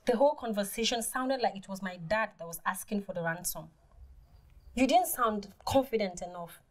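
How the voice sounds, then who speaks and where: A woman's voice: medium pitch, normal speed, lightly acted. A woman playing a persistent spoiled young woman. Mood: doubtful. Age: young adult. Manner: calm, persistent, coaxing. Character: spoiled young woman scheming over her own ransom. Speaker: runaway daughter. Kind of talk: film drama acting.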